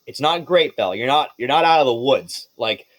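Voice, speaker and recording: A man's voice: medium pitch, expressive, brisk, no echo. Guy dm rambling thru the game, lots of restarts and laughs, dry close sound. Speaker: game master. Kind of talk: running a tabletop game.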